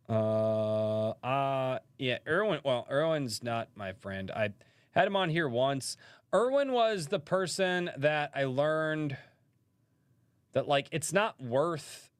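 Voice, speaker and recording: Male stream host, casual and rambling, mid pitch, dry room. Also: no echo. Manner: rambling, full of fillers and restarts. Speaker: live-stream podcast host. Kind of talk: casual live-stream chat. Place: rural home.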